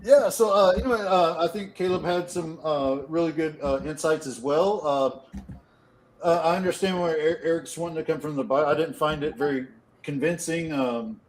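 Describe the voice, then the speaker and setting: A man giving closing thoughts as co-host of a podcast, measured and full of fillers. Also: a little high, rough recording.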